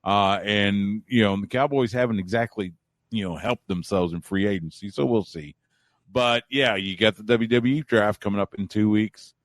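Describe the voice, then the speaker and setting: A man in Central Texas talking as a guest on a radio wrestling show, relaxed and rambling, often restarting his sentences. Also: fairly low pitch, moderate pace, no room sound. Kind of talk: casual chat.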